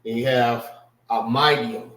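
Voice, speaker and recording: A man's voice: medium pitch, steady tone, a bit bright, echoey room. A man teaching a casual vocabulary class, repeating words and checking in with his listeners. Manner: slow, repetitive, checks in with listeners.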